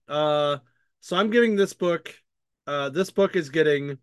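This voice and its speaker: A man's voice: fairly high pitch, animated, slow pace, clear, resonant tone, dry recording, studio quality. A man hosting a casual chat, rambling with many fillers and restarts as he retells story scenes in his own voice. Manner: paraphrases characters' lines in his own voice. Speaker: podcast host reviewing comic books.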